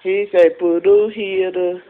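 A woman's voice: fairly low pitch, level tone, slow pace, narrow, tinny audio. A woman talking to her puppy in a casual phone video, cooing and praising in baby talk. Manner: coos and praises in baby talk, sing-song. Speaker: dog owner.

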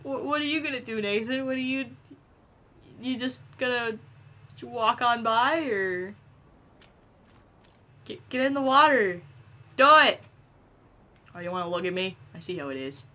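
A woman giving silly, animated let's-play commentary, chatting to the game characters as she plays. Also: a little high, a little slow, pauses often. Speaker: gameplay commentator.

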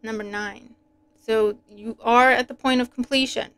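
Chatty, animated woman reading tarot. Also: a little high, normal speed, clean tone. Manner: animated, chatty, laughs often. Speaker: tarot reader.

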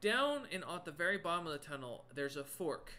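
A man's voice: fairly high pitch, sing-song, brisk, sharp tone, a little hiss or hum, voice pushed up. A man voicing a tall male monster merchant who speaks politely with a lot of hesitation and stammering.

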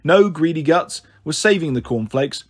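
A man voicing a caring, bossy big-sister girl with a brisk, mothering way of talking, raising his voice higher than his narration. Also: expressive. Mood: coaxing.

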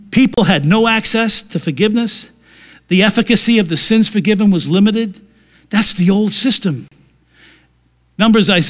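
High-voiced emphatic male pastor. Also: fairly bright tone. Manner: emphatic, repeats key phrases for stress. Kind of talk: sermon.

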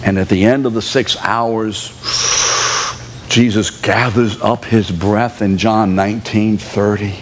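A man's voice: fairly low pitch, a little hiss or hum. A man in his seventies preaching a sermon in a church, driving his point home by repeating key words and throwing questions at the congregation. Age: 70s.

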